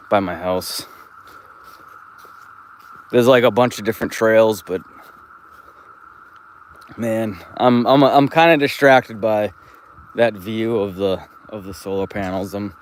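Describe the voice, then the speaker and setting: Walking outdoors through a park and into the woods, a man live streams from his phone, rambling in a laid-back way and swearing freely. His voice is fairly low, with a little hiss or hum in the audio.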